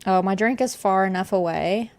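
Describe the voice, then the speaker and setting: A woman's voice: medium pitch, normal speed, a little mellow. A woman co-hosting a gaming podcast, chatting in a wry, conversational way and often laughing. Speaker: podcast co-host. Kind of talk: casual podcast chat.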